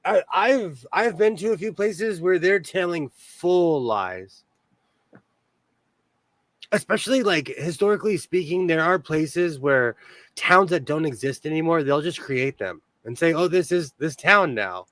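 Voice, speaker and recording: A man's voice: a little high, lively intonation, measured pace, fairly bright tone, no echo. A man from California hosting a casual chat, rambling along and laughing often. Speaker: podcast host.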